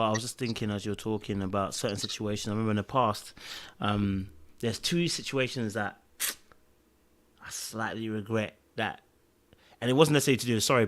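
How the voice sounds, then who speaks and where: A young man chatting casually on a podcast, telling a story with lively acted-out quotes and filler like "da, da, da". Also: lowish voice, fairly quick. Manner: animated storytelling, acts out quotes, fills with "da, da, da".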